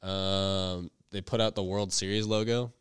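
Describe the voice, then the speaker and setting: A man's voice: sits low, steady tone, measured pace, clean tone, no echo, studio quality. A man in a casual sports chat, earnest and explaining facts. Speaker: podcast co-host.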